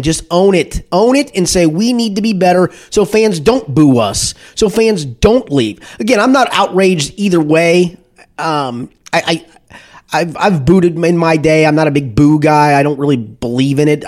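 A man talking sports on a podcast, animated and full of restarts, sometimes acting out loud booing. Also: on the high side. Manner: animated, repetitive restarts, acts out shouted booing. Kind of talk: casual sports talk.

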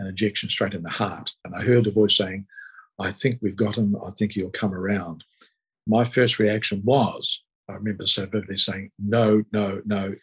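Older husky-voiced man. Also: fairly low pitch, low-quality recording. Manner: rambling storytelling with hesitant fillers. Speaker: guest. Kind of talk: relaxed conversational interview.

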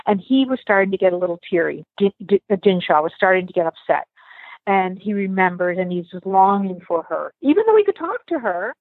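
A woman's voice: mid-range voice, dry recording. A woman guest speaking emotionally in a casual interview, often restarting her sentences and laughing easily. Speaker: guest author and storyteller. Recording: tinny phone-like remote call.

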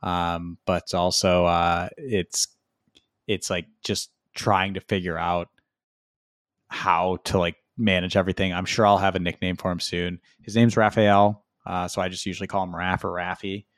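A man's voice: sits low, little pitch movement, moderate pace, no room sound, studio quality. A man co-hosting a podcast, telling stories in a sheepish, self-deprecating way with frequent laughs. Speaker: podcast co-host. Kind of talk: casual chat.

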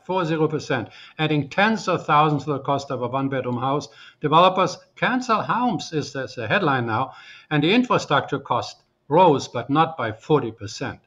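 Animated male guest on a dull line. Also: a little high, normal speed. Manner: animated, rhetorical questions. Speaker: real estate commentator guest. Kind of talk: radio interview.

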